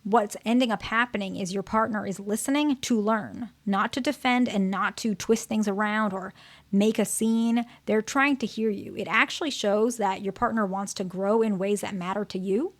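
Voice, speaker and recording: A woman therapist at a middle pitch talks through an educational explainer. She keeps it conversational and checks in often with the listener. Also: steady tone, moderate pace. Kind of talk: educational talk to camera.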